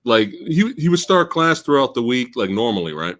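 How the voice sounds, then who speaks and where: A man in his forties telling a story casually on a live stream, laughing loudly and mimicking people in a slow, low voice. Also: big pitch swings.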